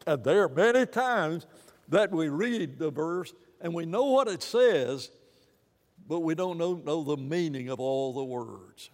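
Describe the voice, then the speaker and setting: Animated preacher man in a reverberant hall. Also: on the high side. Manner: animated, rambling, many restarts and fillers. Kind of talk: sermon.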